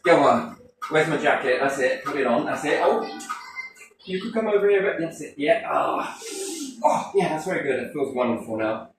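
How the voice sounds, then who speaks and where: Man, animated cheeky talker, lively pitch, mic far off in an echoey room. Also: normal speed. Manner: animated, cheeky, swears freely, acts out quotes. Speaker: speaker addressing a group. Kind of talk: playful, rambling monologue. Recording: echoey room, distant mic, faint noise.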